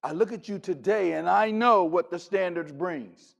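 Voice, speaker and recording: A man delivers a motivational keynote in a high voice. He tells personal stories with emphasis and acts out each exchange. He speaks with the force of a practiced stage speaker. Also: unhurried, vocal fry. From Texas. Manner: dramatic, acts out dialogue, emphatic.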